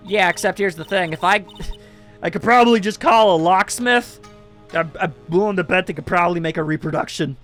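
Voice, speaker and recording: A man's voice: sits high, fairly quick, fairly bright tone, faint music behind. A man giving casual, jokey commentary over a video game, reading the on-screen text aloud. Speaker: let's play commentator.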